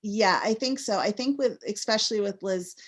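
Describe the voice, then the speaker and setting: A woman's voice: mid-range voice, normal speed. A woman from Massachusetts, a guest author in a casual interview, talking in a chatty, rambling way full of fillers.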